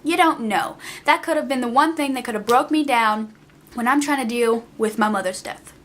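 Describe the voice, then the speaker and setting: A woman's voice: on the high side, normal speed, fairly bright tone. A young woman vlogger ranting casually, exasperated and emphatic, often repeating herself for effect. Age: young adult.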